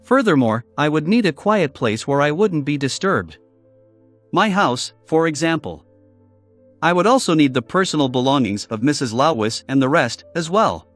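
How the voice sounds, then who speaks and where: A male narrator voicing a cautious, secretive young male investigator in an audiobook, measured and solemn. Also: a little high, sing-song, a bit bright, faint music behind.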